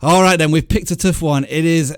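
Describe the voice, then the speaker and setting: A man's voice: on the high side, steady tone, a little fast, clean tone, no echo, clean studio sound. Chatty man hosting a livestream. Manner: chatty, laughs often, reads viewer messages aloud. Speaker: livestream host. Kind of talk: casual livestream chat.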